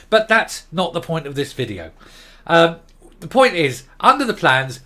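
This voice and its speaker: A middle-aged English man delivers a sarcastic, exasperated rant. His voice sits a little high and comes out sharp and forceful. He trips over his words and restarts as his frustration builds. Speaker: commentary vlogger. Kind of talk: opinion rant.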